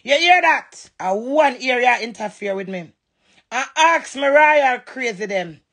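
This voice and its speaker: A Jamaican woman on a heated livestream, cussing and confronting someone head-on. Her voice sits high and comes out gravelly and husky, with a sharp, bright edge. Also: expressive, a little slow. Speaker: social media livestreamer.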